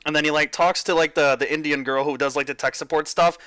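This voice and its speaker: A man's voice: fairly high pitch, fairly even intonation, fast talker, sharp tone, clean tone, no echo, poor audio. A young man hosting a casual voice chat with friends, rambling, swearing and laughing often, on a headset mic. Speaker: channel host.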